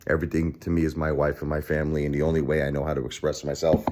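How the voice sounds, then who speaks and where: A middle-aged man talking straight to the camera, profane and emphatic, his voice swinging between low muttering and high shouting. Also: flat delivery, racing, hardly any pauses, heavy background noise. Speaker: vlogger. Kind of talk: angry personal vlog rant.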